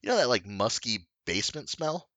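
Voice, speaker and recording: A man's voice: mid-range voice, sing-song, normal speed, a bit bright, no room sound. A man telling a long story in casual chat, rambling with lots of fillers and swearing. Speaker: podcast co-host telling a story.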